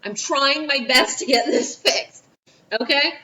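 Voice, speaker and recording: A woman's voice: high-pitched, unhurried, pushed and bright, recorded from a distance, low-quality recording. A woman teacher with a New Orleans accent giving a chatty history lesson with asides. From Louisiana, USA. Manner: chatty, with asides and quoted voices. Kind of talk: recorded history lesson for a class.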